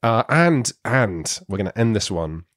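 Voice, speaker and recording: A man's voice: lowish voice, big pitch swings, a little slow, fairly bright tone, no echo, clean studio sound. A man co-hosting a board game podcast, wry and enthusiastic, a little sniffly. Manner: wry, enthusiastic, rambling asides. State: a bit sniffly. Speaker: podcast co-host. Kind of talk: casual podcast chat.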